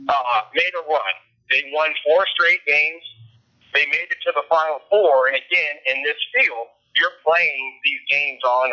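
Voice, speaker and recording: Man, podcast guest, very bright sharp voice, somewhat high, excited delivery with repeated stumbles, tinny phone line. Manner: enthusiastic, stumbles and repeats words. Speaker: sports commentator guest. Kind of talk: casual sports podcast chat.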